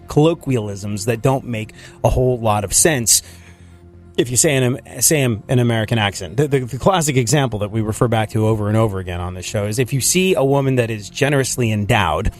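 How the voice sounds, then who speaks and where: A man hosting a radio show who grew up in England, chatting in an animated, rambling way and laughing often. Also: mid-range voice. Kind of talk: casual radio banter. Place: radio studio.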